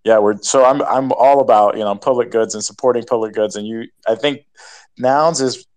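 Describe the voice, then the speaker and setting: A man's voice: medium pitch, normal speed, darkish tone, rough recording. A man speaks as a guest in a casual live audio chat, upbeat and enthusiastic. His voice sits in an ordinary middle range.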